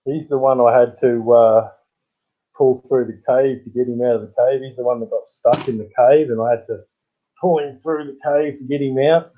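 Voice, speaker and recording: An Australian man chats casually on a livestream, rambling through old stories and chuckling as he goes. His voice sits at an ordinary middle pitch. The sound is thin and tinny, like a phone line. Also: fairly even intonation, normal speed. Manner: rambling storyteller who chuckles often. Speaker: livestream host. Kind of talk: casual live-stream chat.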